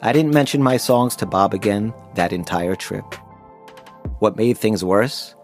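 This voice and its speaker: A man's voice: fairly low pitch, animated, a little slow, soft background music. A man narrating his own memoir in the first person, wry and self-deprecating.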